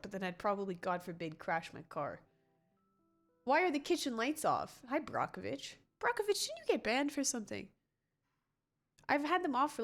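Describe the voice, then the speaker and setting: A woman livestreaming a game in a casual, rambling way, reading and answering chat with frequent restarts and laughs. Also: medium pitch.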